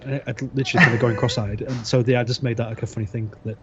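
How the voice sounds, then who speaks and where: Fast-talking man on a hissy lo-fi line. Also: mid-range voice, fairly even intonation. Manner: rambling, amused, lots of fillers. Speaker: podcast co-host, episode writer. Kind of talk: casual chat. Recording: dull lo-fi audio with clear background hiss.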